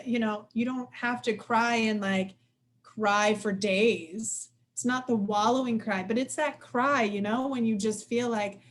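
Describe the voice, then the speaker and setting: A woman in her forties presenting a relaxed workshop to a group, with a somewhat high voice. She talks quickly and animatedly, breaking into quick acted-out quotes in a higher voice. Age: 40s. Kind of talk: casual live lecture.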